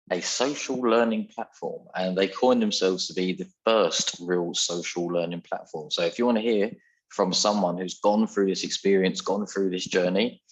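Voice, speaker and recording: A man's voice: low voice, breathy edge, dull audio. A man hosting a podcast interview in an upbeat, chatty, effusive way. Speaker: podcast host. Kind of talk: casual interview chat.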